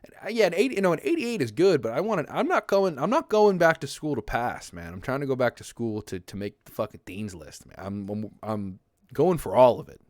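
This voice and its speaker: A man's voice: medium pitch, big pitch swings, fairly quick, no room sound, studio quality. A man ranting casually on a livestream, rambling and swearing, laughing often and answering his chat. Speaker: streamer reading chat.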